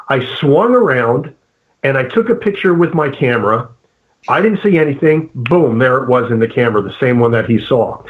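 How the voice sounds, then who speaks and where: A man speaks as a guest in a casual interview, and he comes through a thin, tinny line that sounds like a phone call. He talks haltingly, circling back with fillers and restarts as he makes his point. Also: mid-range voice, animated. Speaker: guest paranormal investigator.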